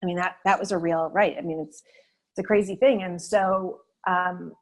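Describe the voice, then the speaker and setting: A woman talking as a guest in an interview, telling a personal story in a lively way with many fillers and restarts. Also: fairly low pitch, moderate pace, rough recording.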